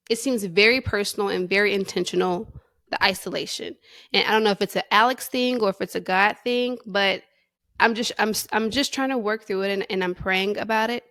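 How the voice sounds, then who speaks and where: A woman hosting a faith podcast, speaking candidly and emotionally about her struggles, close to tears, with restarts and soft laughs. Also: medium pitch, dry recording. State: near tears. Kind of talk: personal reflective monologue.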